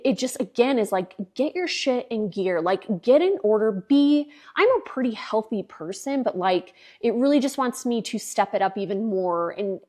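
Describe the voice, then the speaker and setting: A woman in her thirties hosts her own podcast, telling a personal story in a loose, chatty monologue. She sounds exasperated, swears freely and slips into quoting the people she talks about. Her voice sits at an ordinary middle pitch. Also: darkish tone. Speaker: podcast host.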